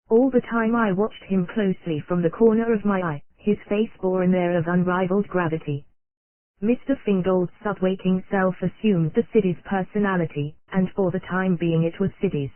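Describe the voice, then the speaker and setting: An audiobook narrator reading an old nonfiction text in a steady, unvaried way, spelling out abbreviations letter by letter. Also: mid-range voice, moderate pace, dry recording. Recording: dry, tinny phone-like sound.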